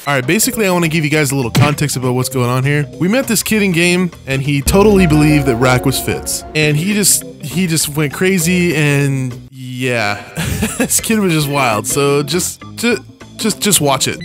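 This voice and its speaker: A young YouTuber explaining a gaming clip in casual, excitable talk. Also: male voice, fairly high pitch, moderate pace, music in the background.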